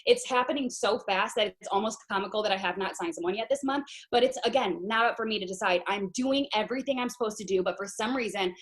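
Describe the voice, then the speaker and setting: A woman leading a sales team on a video call, giving a lively pep talk and addressing the group as "you guys". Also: medium pitch, fast talker, hardly any pauses.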